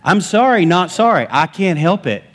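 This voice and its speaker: A man pastor preaching a lively sermon in a church, laughing often and stressing his points with enthusiasm. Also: high voice, moderate pace. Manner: animated, laughing, emphatic preaching. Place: church sanctuary.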